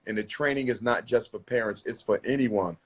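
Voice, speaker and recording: Husky man hosting a live call-in show. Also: on the low side, a little fast. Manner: emphatic, calls callers queen. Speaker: live talk show host taking callers. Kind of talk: casual live-stream call-in talk.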